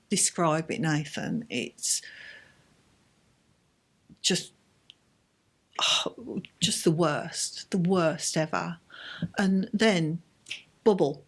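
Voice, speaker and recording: Lowish woman, halting and emotional, interview guest. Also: animated, fairly bright tone. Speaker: bereaved mother, interview guest. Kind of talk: personal account in an interview.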